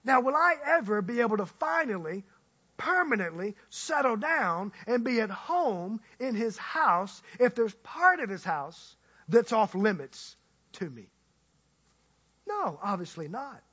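A male guest preacher telling a story in an animated, conversational way and joking with the congregation. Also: high-pitched, measured pace, husky, dull audio. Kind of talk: storytelling sermon.

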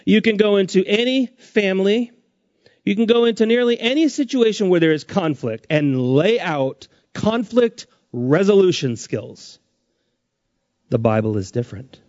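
A man preaching a sermon as pastor, his pitch rising and dropping sharply for emphasis. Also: lively intonation, measured pace, darkish tone, dry recording, muffled recording.

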